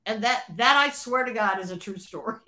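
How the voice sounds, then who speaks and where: A fairly high-voiced woman tells a story in an interview. She talks in an animated way, acts out the lines of people in her story, and laughs often. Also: normal speed. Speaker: interview guest, former record label creative executive.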